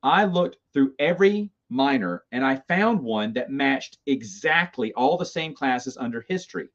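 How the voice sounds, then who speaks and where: A man's voice: medium pitch, lively intonation, a little slow. A middle-aged man casually telling stories about his college days, rambling and self-amused, with stammered restarts. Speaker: host. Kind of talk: casual storytelling. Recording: slightly dull lo-fi sound.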